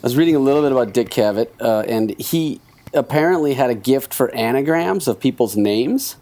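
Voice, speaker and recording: A man's voice: mid-range voice, lively intonation, brisk, warm tone. A man co-hosting a podcast in casual chat, often laughing and acting out voices while retelling stories. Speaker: podcast co-host.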